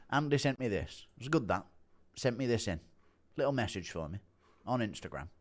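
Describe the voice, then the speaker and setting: A man talks casually into a streaming mic, reacting to his chat in a relaxed, easygoing way. He chuckles often and reads messages aloud. His voice sits at an ordinary pitch. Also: measured pace.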